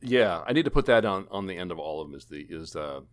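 A man with a low voice hosts a casual gaming podcast. His pitch swings widely as he rambles and jokes, often restarting his sentences. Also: animated, quick pace. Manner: rambling, jokey, many fillers and restarts. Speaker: podcast host. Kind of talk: casual gaming podcast chat, wrapping up the show.

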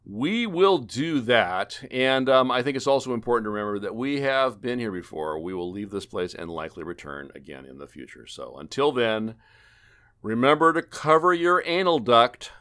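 Man, podcast host, low voice, very lively pitch, rambling, jokey, lots of fillers. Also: moderate pace, few pauses, clear, resonant tone. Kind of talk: casual gaming podcast chat, wrapping up the show.

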